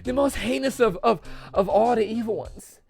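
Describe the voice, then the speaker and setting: A man's voice: very high-pitched, moderate pace, creaky, darkish tone, faint music behind, pitched above the performer's own voice. A man voicing a theatrical, scheming older lunch lady with grandiose, melodramatic delivery that stumbles over the lines.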